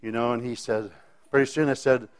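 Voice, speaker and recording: A man's voice: mid-range voice, fairly even intonation, brisk, smooth. A man telling a personal faith testimony in a folksy, rambling way, often restarting his sentences. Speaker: speaker sharing a faith testimony.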